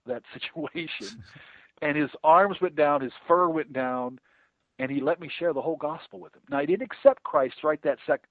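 A middle-aged male guest, an evangelist, talks sincerely about evangelism in a relaxed interview, his somewhat high voice showing vocal fry. He often repeats himself and reenacts conversations; the recording has a thin phone-line tone and is dry with no echo.

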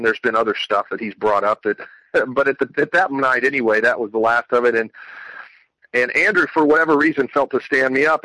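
Man, bright tone, dry close mic, earnest testimony with lots of restarts. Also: mid-range voice, dry recording, rough recording. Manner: earnest, rambling, many restarts. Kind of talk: personal religious testimony.

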